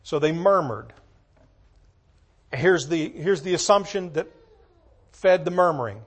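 A man preaching a sermon, reading scripture slowly and swinging between hushed asides and loud emphatic lines. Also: on the high side, animated, slightly rough. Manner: reads scripture in slow, measured tones.

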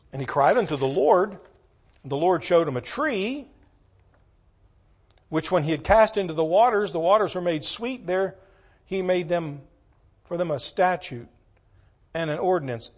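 A man delivering a sermon in a somewhat high voice, moving from quiet, almost whispered asides to loud, pressing emphasis. He reads scripture in slow, measured phrasing and repeats key words for weight. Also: breathy edge. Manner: emphatic, dramatic swings from hushed to loud. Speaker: preacher.

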